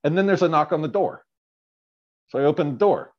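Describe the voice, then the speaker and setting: A man casually telling a story as a podcast guest, animated and often tagging his lines with "right?". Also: on the high side, brisk, highs cut off.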